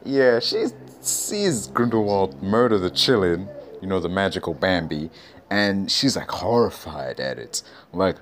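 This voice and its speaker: Man, casual movie review rant, exasperated, swears, very lively pitch. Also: moderate pace. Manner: exasperated, swears a lot, rhetorical questions.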